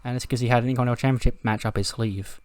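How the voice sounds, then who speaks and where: A man's voice: mid-range voice, fairly even intonation, racing, no echo. A man casually commentating his own playthrough, chatty and laughing at himself. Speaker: game commentator. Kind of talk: casual let's-play commentary.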